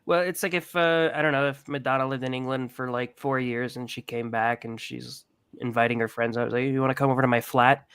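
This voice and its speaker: A man's voice: mid-range voice, level tone, brisk, a bit bright, clear, resonant tone, dry recording, studio quality. A man, a podcast co-host, chatting casually with loose storytelling and crude jokes. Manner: storytelling, swearing, does mocking voices. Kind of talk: casual chat.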